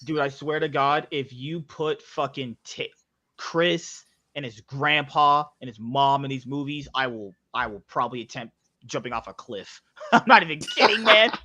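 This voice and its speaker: A man in a casual chat, excitable and blunt, swearing freely. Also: medium pitch, moderate pace, muffled recording.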